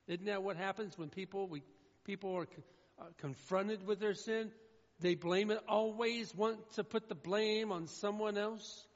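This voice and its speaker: High-voiced man preaching in an echoey hall. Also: measured pace. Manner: emphatic preaching with swings from loud to hushed. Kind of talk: sermon. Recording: echoey hall with dull sound.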